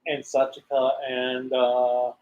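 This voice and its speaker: A co-host on a casual fan discussion livestream, teasing and quick with banter. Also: mid-range voice, completely flat delivery, reverberant, narrow, tinny audio. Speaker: podcast co-host.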